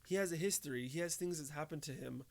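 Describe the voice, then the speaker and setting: A man's voice: on the high side, fast talker, gravelly, darkish tone. A young man giving casual tips to camera, talking conversationally and often checking in with "okay?" and "right?". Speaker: tabletop game tips host.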